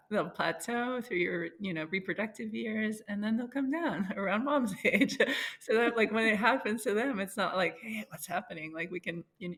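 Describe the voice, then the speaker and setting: A woman's voice: on the low side, a bit bright, husky. A woman in her forties talking in a casual interview, chatty and laughing often as she acts out little quotes. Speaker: guest, founder.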